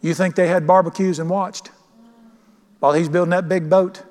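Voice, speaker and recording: A man's voice: sits high, fairly even intonation, normal speed, darkish tone. A pastor preaching a sermon, emphatic and questioning his congregation. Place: church sanctuary. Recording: long church reverb.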